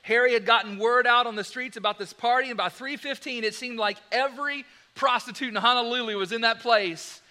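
A man preaching a sermon, telling a story in an animated, dramatic way. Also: very high voice, fairly quick, few pauses.

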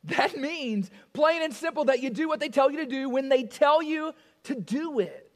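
A man's voice: very high voice, animated, normal speed, in a large hall. A male pastor preaching a sermon. He is emphatic, repeats key phrases and asks the congregation rhetorical questions.

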